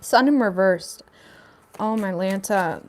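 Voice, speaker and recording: A woman's voice: mid-range voice, slow pace. A woman hosting a casual tarot reading, talking straight to her viewers in a chatty way and often hedging with "I feel like.". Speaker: tarot reader.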